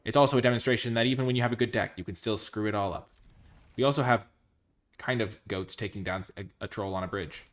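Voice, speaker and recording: Low-ish voiced guy narrating his card game, chatty and excitable. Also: fast. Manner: excitable, lots of exclamations. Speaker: game commentator. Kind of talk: casual gameplay commentary.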